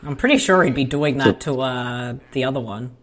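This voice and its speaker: A woman's voice: rumbling low, normal speed, a little hiss or hum. A woman chatting bemusedly over a movie, hesitant and often lost. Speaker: movie commentator. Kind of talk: casual movie riffing chat.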